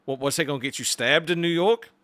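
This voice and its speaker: A man with a New Zealand accent, a guest on a livestream, talking in hesitant, halting bursts and laughing often. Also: a little high, a bit bright, dry recording, clean studio sound. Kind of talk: casual livestream chat.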